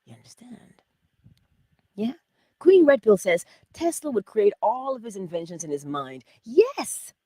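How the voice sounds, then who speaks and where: A middle-aged woman hosting a spiritual self-help livestream, talking casually and animatedly, jumping from loud exclamations to whispers. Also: mid-range voice, sing-song, moderate pace, no echo. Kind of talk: casual motivational talk.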